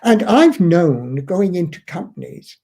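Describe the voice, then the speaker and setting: A man's voice: sits high, big pitch swings, measured pace, mellow, slightly rough. A man explaining shipping costs as a trainer, earnest and emphatic, repeating key points to drive them home. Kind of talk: instructional explanation.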